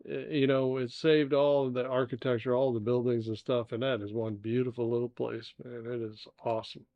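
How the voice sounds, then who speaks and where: An older man from the United States chats on a podcast, wandering through travel stories with plenty of "you know" and "uh". His voice sits at a middle pitch. The recording is dry and a little dull. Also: little pitch movement, brisk, warm tone, no room sound. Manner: easygoing storyteller with fillers. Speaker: co-host, the father. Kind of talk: casual podcast chat. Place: indoor dining room.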